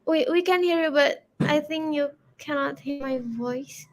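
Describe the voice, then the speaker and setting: A woman's voice: high voice, a little slow. A young woman hosting an online talk who hesitantly keeps asking whether she can be heard. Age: young adult. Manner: hesitant, repeating checks. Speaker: host. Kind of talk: online event, checking audio.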